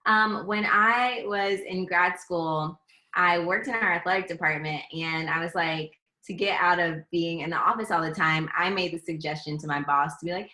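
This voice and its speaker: A woman being interviewed as a guest, telling a story in a chatty, relaxed way. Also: lowish voice, moderate pace. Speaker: relationship content creator, guest. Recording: roomy echo.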